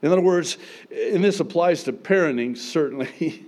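A middle-aged male pastor preaching a sermon, emphatic and humorous, with sudden loud outbursts. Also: on the high side, lively intonation, normal speed.

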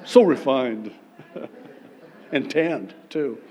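A man preaching a sermon, theatrical and playful, acting out little scenes with sudden loud bursts and laughter. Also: medium pitch, animated, drawn-out words.

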